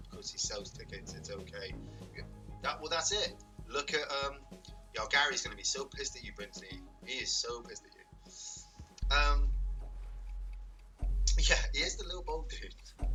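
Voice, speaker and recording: A man casually chatting and joking while streaming a video game, rambling and swearing freely. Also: medium pitch. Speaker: game streamer and podcast host. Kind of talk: casual gameplay stream chat. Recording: distant mic with clear background noise.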